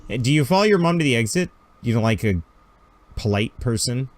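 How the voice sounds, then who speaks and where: A man narrating a tabletop game as game master. His pitch swings widely as he talks, and he tosses in spoken sound effects. His delivery is lively and animated. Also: a little fast.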